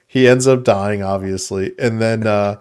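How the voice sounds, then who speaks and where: A man's voice: lowish voice, fairly even intonation, measured pace, a little mellow, smooth. A man co-hosting a podcast, retelling movie scenes in a rambling, enthusiastic way with fillers. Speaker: podcast co-host. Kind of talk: casual movie review chat.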